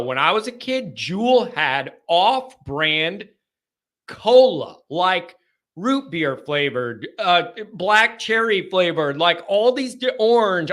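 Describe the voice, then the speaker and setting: Man hosting a call-in show, joking banter, bright voice, fairly high pitch, from his basement. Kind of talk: casual chat.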